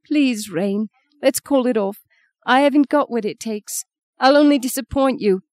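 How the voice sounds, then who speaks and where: A woman's voice: a little high, moderate pace, a little mellow, no room sound, clean studio sound, voice pushed up, close to an everyday voice. Woman doing a tearful, pleading young woman. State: crying.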